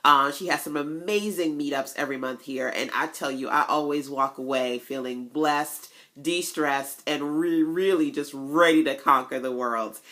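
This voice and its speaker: A woman coaching online business owners in a casual motivational vlog, telling stories with folksy asides and sudden jumps to a much higher voice. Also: normal speed, hardly any pauses. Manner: chatty, animated storytelling with big pitch jumps.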